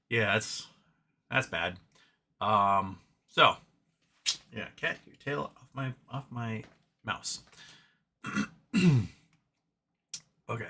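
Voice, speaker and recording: A man's voice: mid-range voice, lively intonation, normal speed, gravelly, sharp tone, slight background noise. A man hosting a casual live stream, reading chat comments aloud and rambling between them, often talking to his cat. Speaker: livestream host reading chat.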